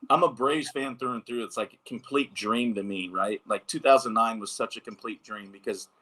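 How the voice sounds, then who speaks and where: A man in his thirties tells casual stories as an interview guest, animated and loose, with filler words everywhere. His voice sits low but has a bright, forceful edge. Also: normal speed. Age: 30s. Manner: animated anecdotes, many fillers. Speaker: former pro baseball pitcher, guest.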